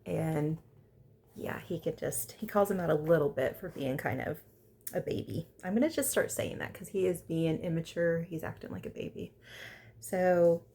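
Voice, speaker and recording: A woman's voice: fairly low pitch, moderate pace, mellow. A woman recapping a reality dating show in a chatty, opinionated way, acting out the cast's lines as she goes. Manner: chatty and opinionated, quoting cast members in put-on voices. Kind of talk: casual recap chat.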